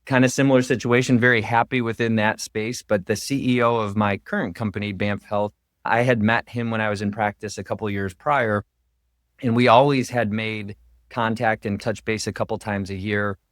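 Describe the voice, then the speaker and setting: Low-voiced man, dry close sound. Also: steady tone, moderate pace, dry recording. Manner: earnest, explanatory, heavy on "really" fillers. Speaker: radiation oncologist guest. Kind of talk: interview podcast conversation.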